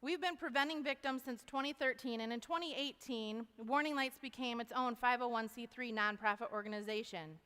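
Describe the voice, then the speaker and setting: A woman giving an animated testimony talk to an audience, folksy, calling them y'all. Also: on the high side, a little fast, hardly any pauses, clean tone. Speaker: speaker at a university event. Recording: long hall reverb.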